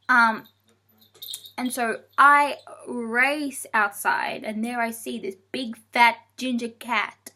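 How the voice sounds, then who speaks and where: A young woman tells a long story to camera in a casual vlog. Her voice sits a bit high and sounds bright and sharp. She rambles, swears freely and keeps breaking off to scold her cat. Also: fairly even intonation, takes it slowly, a little hiss or hum. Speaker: vlogger.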